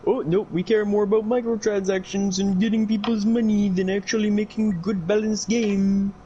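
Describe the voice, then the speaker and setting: A man's voice: high voice, level tone, moderate pace, warm tone, highs cut off, a little hiss or hum, pitched above the performer's own voice, close to an everyday voice. A man putting on a fake Indian accent to voice a sneering, dismissive game executive. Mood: mocking. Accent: put-on Indian. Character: mocking male game executive.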